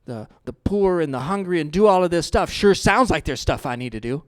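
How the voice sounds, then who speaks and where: A middle-aged male pastor preaches a sermon conversationally, keeping things lively and playful with the congregation. His voice is on the high side and fairly quick.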